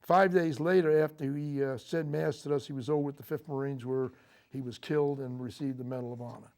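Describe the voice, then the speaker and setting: An older man, a Marine veteran, recounting his memories in a TV interview, speaking haltingly with frequent fillers and restarts. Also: medium pitch, fairly even intonation, a little mellow. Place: local TV studio.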